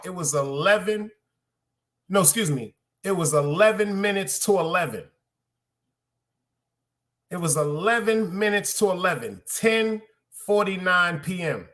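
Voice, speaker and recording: Animated storytelling New man. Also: high voice. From Brooklyn, New York. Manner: animated, profane, repeats lines for emphasis, addresses listeners directly. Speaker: podcast host. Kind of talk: casual storytelling rant.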